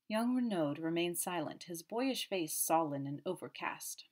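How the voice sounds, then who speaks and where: A woman narrating an audiobook in a steady, measured way. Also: fairly low pitch.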